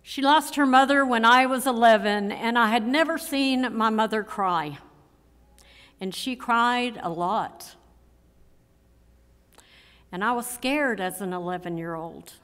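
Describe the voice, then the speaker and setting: A woman in her sixties gives a memorial eulogy for her mother in a church, speaking in an emotional, measured way with repeated phrases. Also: a little high, a bit bright. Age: 60s. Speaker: daughter giving a eulogy. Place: church sanctuary. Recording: long church hall reverb.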